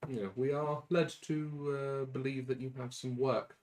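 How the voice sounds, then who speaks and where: A man's voice: mid-range voice, level tone, measured pace, a little mellow, slight background noise. A man chatting casually as a player in a tabletop game, laughing often.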